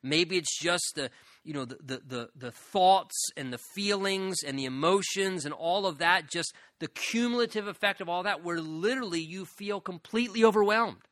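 A man preaching a sermon as a pastor, his bright, slightly high voice carrying an earnest tone that builds into fervent emphasis. The recording is dry and close. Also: moderate pace, no room sound.

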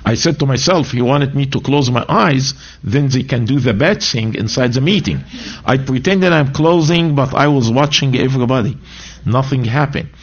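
A man's voice: medium pitch, normal speed, highs cut off. Egyptian-born man preaching his testimony. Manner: animated storytelling, broken grammar, voices quotes. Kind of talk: sermon testimony.

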